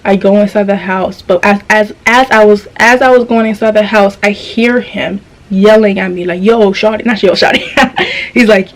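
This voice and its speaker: A woman's voice: mid-range voice, fairly even intonation, moderate pace, poor audio. A young woman vlogger telling a dream story in a casual, slangy, profane way, often restarting her sentences.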